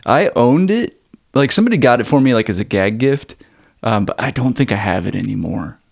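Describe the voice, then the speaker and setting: A man co-hosting a podcast, chatting casually with wry, deadpan jokes. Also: mid-range voice, a little fast, gravelly. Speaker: podcast co-host. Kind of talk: casual chat.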